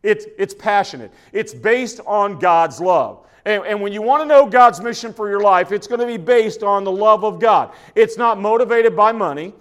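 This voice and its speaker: A man's voice: high voice, moderate pace, few pauses. A man from preaching a sermon in a folksy, conversational way, often restarting his phrases. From Oklahoma. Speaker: pastor.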